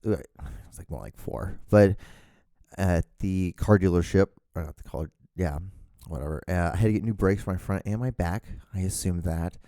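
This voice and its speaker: A man's voice: low-pitched, mellow, no echo, clean studio sound. A young man with a California drawl, hosting a podcast alone in a casual, rambling style full of fillers and restarts. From born outside the United States. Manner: rambling, filler-heavy, self-correcting. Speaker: podcast host. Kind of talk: casual solo podcast monologue.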